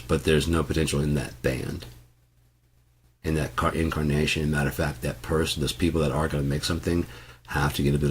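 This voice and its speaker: Very deep-voiced man, rambling and profane. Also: husky. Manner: loose, profane, full of asides and restarts. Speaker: music channel host. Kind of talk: casual rambling talk to camera.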